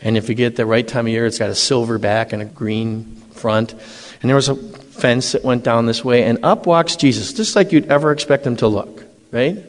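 Man, priest, animated storyteller, long hall echo. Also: medium pitch, moderate pace. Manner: animated, emphatic, acts out dialogue. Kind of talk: personal testimony storytelling.

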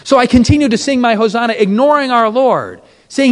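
A Catholic priest preaching to a gathering of men, impassioned, with dramatic swings in pitch and volume. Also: male voice, brisk, in a large hall. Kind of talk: sermon at a men's retreat.

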